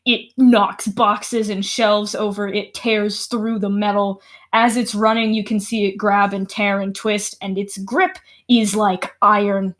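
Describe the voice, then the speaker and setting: A woman's voice: mid-range voice, flat delivery, a little slow. A woman narrating a horror tabletop game as game master, swearing and laughing often.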